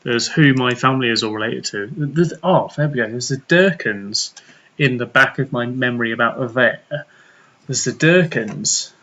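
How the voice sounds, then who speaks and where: A man's voice: mid-range voice, moderate pace, sharp tone, highs cut off. A man co-hosting a casual podcast chat over beers, joking, sweary and rambling. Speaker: podcast co-host.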